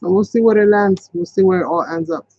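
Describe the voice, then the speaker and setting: A chatty man with a fairly high voice leads a casual live craft tutorial, rambling along as he works. The sound is dull and lo-fi, and the voice comes through dry and close with little room around it. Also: fairly quick, breathy edge, no echo. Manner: chatty, rambling, talks to viewers as "you guys". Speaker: craft channel host.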